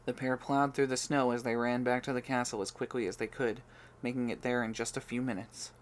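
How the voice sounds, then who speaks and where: A man narrating a fantasy audiobook with even, steady storytelling. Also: mid-range voice, brisk. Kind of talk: scripted narration.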